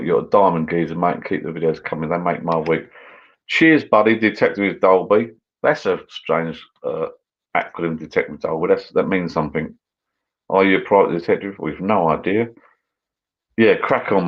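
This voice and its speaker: In a muffled recording, a British man with a low-sitting voice hosts his channel's casual live stream. He drinks, chats in a loose way, and reads viewer comments aloud.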